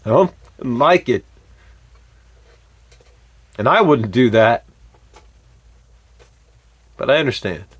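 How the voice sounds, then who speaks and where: A man telling a personal story in a candid, animated way, with frequent fillers and sudden swear words. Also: mid-range voice, takes it slowly, long pauses, breathy edge, no echo. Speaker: vlogger.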